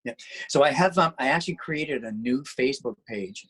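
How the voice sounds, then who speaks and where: Husky-voiced man chatting loosely. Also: mid-range voice, expressive, normal speed, a bit bright, low-quality recording. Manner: rambling, with many restarts and fillers. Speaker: guest musician and internet radio DJ. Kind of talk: casual interview chat.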